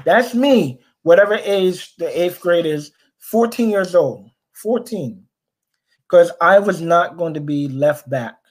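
A man's voice: sits high, slow. A man from Brooklyn, a podcast guest telling a story in conversation and acting out the people he quotes. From Brooklyn, New York. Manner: animated, acts out the people he quotes.

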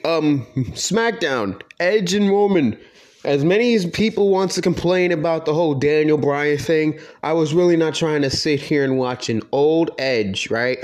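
Young male ranter, somewhat high voice, blunt and profane, heated opinions. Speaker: wrestling commentator. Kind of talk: opinionated casual rant.

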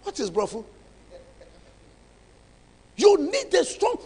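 Male pastor; high, animated delivery; emphatic, hushed to shouting. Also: unhurried, pauses often, long reverb tail. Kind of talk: sermon.

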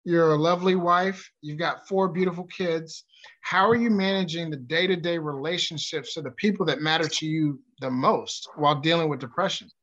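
A man's voice: on the high side, moderate pace, fairly bright tone. A man hosting a podcast, asking probing and encouraging interview questions. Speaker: podcast host. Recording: dull lo-fi podcast audio.

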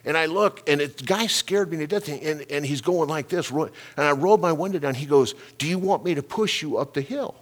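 A middle-aged male pastor preaching a sermon, telling a personal story with animated delivery, repeated words and sound effects. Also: a little high, brisk, hardly any pauses.

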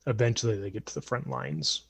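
Gravelly young man telling a story. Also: lowish voice, fairly quick, no echo. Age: 20s. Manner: animated, acts out voices in the story. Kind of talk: casual storytelling.

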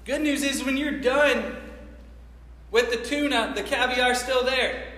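A man with a very high, bright voice preaches in a relaxed, slangy style. He acts out quoted lines as he tells the story. The sound is roomy, with a long echo from a large church hall. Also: a little slow. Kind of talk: sermon. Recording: echoey hall with long reverb.

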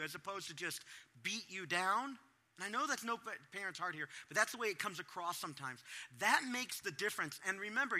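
A middle-aged man preaches to parents in a high, lively voice that leaps up and down as he acts out his own reactions. His tone is bright and forceful, never still for long. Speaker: pastor. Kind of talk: sermon to parents.

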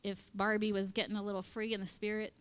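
A woman giving an animated devotional talk at church, acting out quotes and dropping into whispers. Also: medium pitch, quick pace, clean tone. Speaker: church speaker.

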